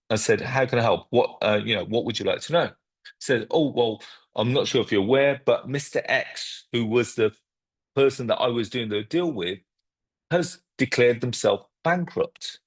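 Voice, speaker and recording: Husky-voiced man telling a story. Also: medium pitch. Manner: animated storyteller acting out phone calls. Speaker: property investor and host. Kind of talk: storytelling to camera.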